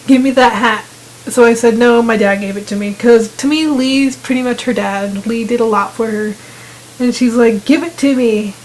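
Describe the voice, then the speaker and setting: A woman casually narrating a video game, retelling scenes and quoting the characters in quick voices. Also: on the high side, a little hiss or hum, rough recording. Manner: chatty retelling with quoted voices. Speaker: gamer narrating gameplay. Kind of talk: casual gameplay commentary.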